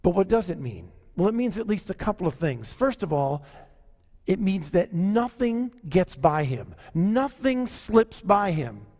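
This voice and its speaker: A man preaching a sermon as pastor, in a conversational way that slows down to stress key lines. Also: sits high, very animated, darkish tone. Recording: long hall reverb.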